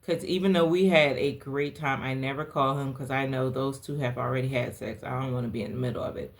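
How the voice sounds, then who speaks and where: A young adult woman from the South Carolina Lowcountry, hosting a podcast and telling a personal story in a candid, animated way. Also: fast. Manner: animated, candid, dramatic pitch swings. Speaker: podcast host.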